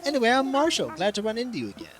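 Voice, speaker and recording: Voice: mid-range voice, wildly swooping pitch, very fast, pitched above the performer's own voice. A streamer reading the lines of a smug, laid-back male squirrel villager with a lazy swagger.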